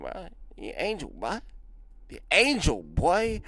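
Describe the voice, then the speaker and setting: A man hosting a read-along who jumps between reading an old text and excited, slangy commentary. His pitch swings widely as he talks, and faint music plays underneath him. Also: slow pace, gravelly. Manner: animated, slangy asides, repeats "man" and "boy".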